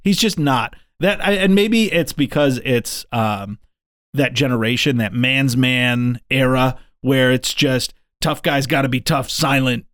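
A man's voice: medium pitch, measured pace, fairly bright tone, dry recording. Male podcast co-host, playful and blunt, dry studio sound. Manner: playful, jokey, blunt opinions. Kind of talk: casual movie podcast banter.

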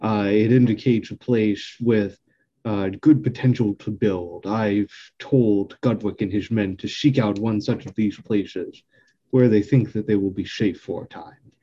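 A man voicing a steady male dwarf builder, speaking slowly and in measured phrases in a tabletop game. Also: lowish voice, breathy edge, muffled recording. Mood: earnest. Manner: slow, measured, with fillers.

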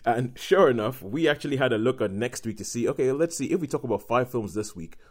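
A man co-hosting a casual film-review podcast, animated and quick to laugh, slowing down to stress his points. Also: mid-range voice. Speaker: podcast co-host.

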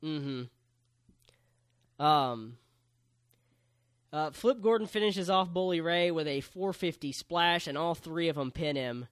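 A man's voice: a little high, slow pace, pauses often, a bit bright, smooth, no room sound, clean studio sound. A man co-hosting a casual podcast, recapping at length with many ums and uhs. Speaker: podcast co-host reviewing wrestling. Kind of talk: casual chat.

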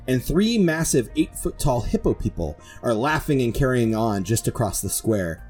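Male game master, lively measured narration, warm husky tone, faint music bed. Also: medium pitch. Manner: descriptive, measured storytelling. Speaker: dungeon master. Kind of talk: narrating a tabletop game podcast.

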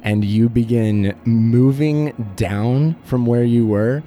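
A man's voice: mid-range voice, slow pace, warm tone, soft background music. A man narrating a tabletop horror game as game master, with vivid, playful description.

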